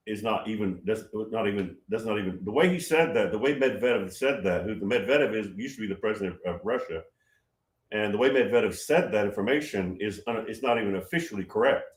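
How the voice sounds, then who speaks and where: Male livestream host with a slightly low voice, casual and emphatic, circling back on his words, recorded with room echo. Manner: rambling, repeats himself, emphatic.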